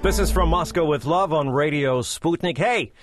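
A man's voice: a little high, moderate pace, over loud music. A man hosting a radio talk show, easygoing and wry. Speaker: radio host. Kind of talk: casual radio chat. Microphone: studio microphone.

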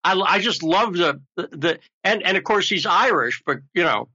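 Chatty bright-voiced male host. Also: high-pitched, lively intonation, moderate pace. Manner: chatty, joking, rambling. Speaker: show host. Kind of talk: casual talk show chat. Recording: lo-fi muffled audio.

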